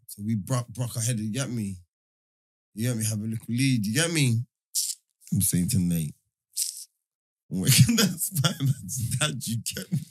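A young man telling a story in casual chat, animated and full of slang fillers. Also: medium pitch, breathy edge.

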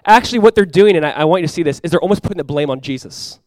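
Animated, fast-talking male pastor. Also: a little high, no echo. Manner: animated, acts out quoted voices, repeats himself. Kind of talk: sermon.

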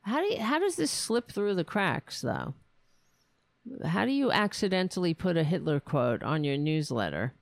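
A woman's voice: on the low side, very animated, moderate pace, creaky, dry recording. A woman hosting a political commentary show, talking in a sarcastic, profane and exasperated way. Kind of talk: casual political rant.

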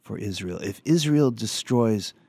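A male radio talk show host, reading an opinion piece aloud with earnest, measured commentary and some halting restarts. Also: animated, a little mellow, no echo. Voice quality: low gravelly voice. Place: radio studio.

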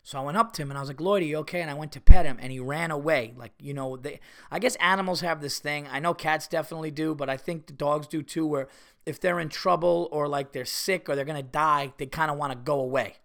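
A middle-aged man hosting a podcast, telling stories in a casual, animated way while fighting off a cold. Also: fairly high pitch, quick pace, gravelly. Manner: animated storytelling, exaggerated retelling. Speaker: podcast host.

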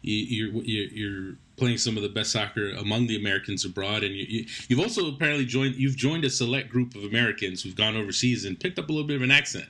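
A man's voice: on the low side, quick pace, hardly any pauses, bright, forceful tone. A man hosting a sports talk show, interviewing a guest in a rambling way and repeating words as he restarts.

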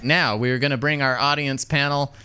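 A man's voice: medium pitch, fairly even intonation, normal speed, noisy background. A man hosting a live storytelling show, friendly and welcoming as he introduces the panel. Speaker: host.

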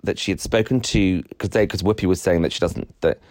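Guy, podcast co-host, lowish voice that shoots up when he gets excited, chatty and rambly. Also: brisk, dry recording, clean studio sound. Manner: rambling, laughs often, voice jumps high when excited. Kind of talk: casual chat.

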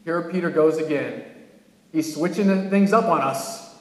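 Speaking at a normal speed, a high-voiced California pastor preaches a lively sermon, his pitch suddenly surging for emphasis on each main point. His words carry through the roomy church hall, where a lingering echo hangs in the air.

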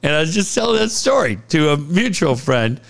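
Co-host, male, lively story-teller, pitch on the higher side and very expressive, frequent laughs. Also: fairly quick, creaky. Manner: animated storytelling, laughs often, swears freely. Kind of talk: casual podcast chat.

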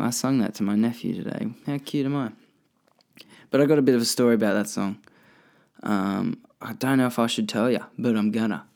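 An Australian podcast host with a lowish, creaky, somewhat mellow voice answers listener questions. His chat is casual, rambling and profane, and he keeps correcting himself.

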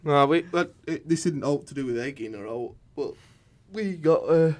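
A man's voice: a little high, normal speed. Young man telling a rambling story. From northern England. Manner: rambling storyteller, laughing often. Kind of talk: casual chat.

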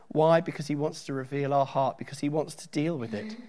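A man's voice: fairly high pitch, steady tone, fairly quick, darkish tone. A middle-aged man preaching a sermon in a church, talking conversationally with joking asides and reading scripture aloud with emphasis.

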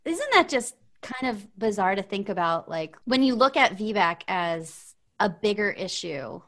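A woman hosting a podcast, asking follow-up questions in a relaxed, conversational way and often murmuring agreement. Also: medium pitch, a little slow. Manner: conversational, supportive back-channeling. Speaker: podcast host. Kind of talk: casual interview.

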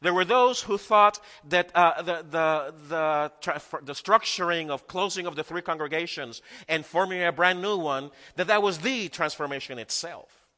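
A man's voice: a little high, normal speed, pushed and bright, in a large hall. A male pastor preaching a sermon, emphatic and repeating key phrases for effect.

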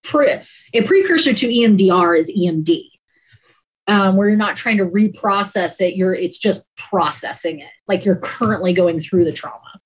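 Woman dispatcher talking openly in an interview, emotional, lots of "like", mid-pitched voice. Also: expressive, normal speed, breathy edge, low-quality recording. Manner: candid and emotional, peppered with "like". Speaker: emergency dispatcher. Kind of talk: personal storytelling in an interview.

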